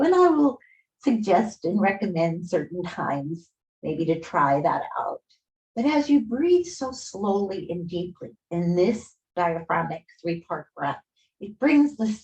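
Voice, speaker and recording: Yoga teacher, middle-aged woman, calm slow breathing cues, soft repeated words. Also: on the low side, muffled recording. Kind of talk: guided breathing instruction.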